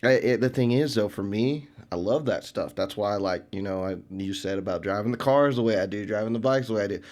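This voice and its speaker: Earnest young man, lowish voice. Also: a little fast, a little mellow. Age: young adult. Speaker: podcast co-host. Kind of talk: casual chat.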